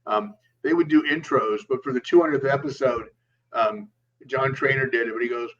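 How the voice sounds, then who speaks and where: A man's voice: mid-range voice, moderate pace, a bit bright. Distant lo-fi man rambling on a podcast. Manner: rambling, lots of ums and uhs. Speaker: podcast co-host. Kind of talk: casual chat. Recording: lo-fi, distant mic with faint hum.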